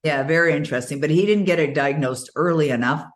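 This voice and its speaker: A middle-aged woman giving an interview, telling stories in a lively way and often laughing as she talks. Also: sits low, fast. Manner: animated storytelling, frequent laughs. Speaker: interview guest. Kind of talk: casual interview conversation.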